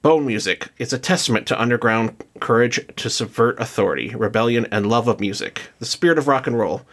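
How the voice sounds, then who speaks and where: A man's voice: mid-range voice, a little fast, fairly bright tone. A man co-hosting a podcast, chatting loosely and reading from notes with lots of fillers and restarts. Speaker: podcast co-host. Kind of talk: casual chat, reading notes.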